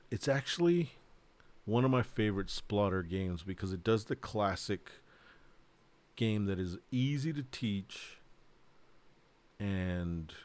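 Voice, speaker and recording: A man, a board game designer, chatting casually and rambling, joking and swearing as he talks. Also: on the low side. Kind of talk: casual livestream chat.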